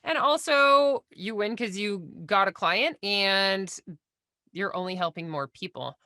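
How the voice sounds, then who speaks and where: A woman's voice: medium pitch, unhurried, bright, forceful tone, dry recording, studio quality. A woman hosting a solo podcast, chatty and encouraging as she gives sales coaching.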